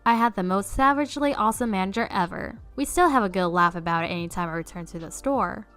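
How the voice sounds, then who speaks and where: A woman reading online stories aloud as a narrator in a steady storytelling way. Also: mid-range voice, fast, clean tone, faint music behind.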